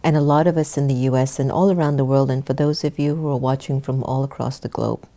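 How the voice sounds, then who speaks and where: A woman's voice: extremely low pitch, fairly even intonation, fast, dark tone. A woman hosting an online talk show, speaking in a chatty, encouraging way to her viewers. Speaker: host.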